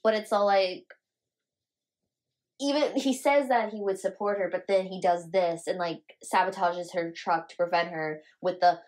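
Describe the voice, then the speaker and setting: A young woman co-hosting a podcast in casual chat, excitable and quick to laugh. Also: fairly low pitch. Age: young adult. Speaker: podcast co-host.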